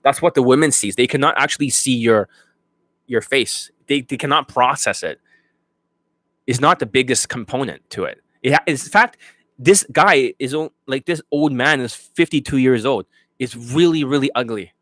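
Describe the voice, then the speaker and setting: A blunt dating coach delivers a profane, off-the-cuff rant to his students. His voice sits at a middling male pitch. The sound is dry, with no room echo. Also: expressive, normal speed, fairly bright tone. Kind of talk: unscripted monologue to students.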